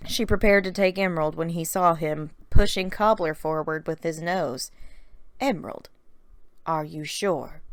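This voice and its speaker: A woman narrating a scripted story recap in a calm, gently paced storybook reading. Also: deep voice, clean tone, no room sound.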